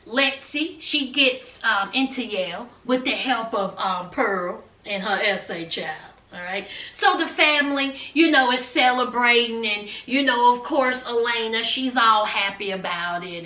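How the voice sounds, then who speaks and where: A woman giving a chatty, animated recap of a TV episode, calling her viewers "honey" and "child" as she talks. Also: a little high. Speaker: TV episode reviewer. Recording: roomy, distant from mic.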